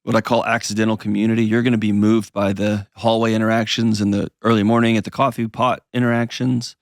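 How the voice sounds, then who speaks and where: A middle-aged man hosting an advice call-in show, talking calmly and earnestly. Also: fairly low pitch, fast talker, dry recording, studio quality. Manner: calm, earnest counseling. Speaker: host.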